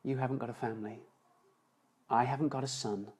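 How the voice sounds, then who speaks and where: A man voicing a grieving, forgiving middle-aged mother in a story he is telling, speaking softly and tenderly. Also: medium pitch, fairly even intonation, a little fast, slightly rough, close to an everyday voice.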